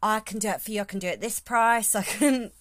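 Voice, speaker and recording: A woman putting on a brash, pushy Essex salesman with loud, salesy patter and an Essex accent. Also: medium pitch, fast, no echo, studio quality, lightly acted.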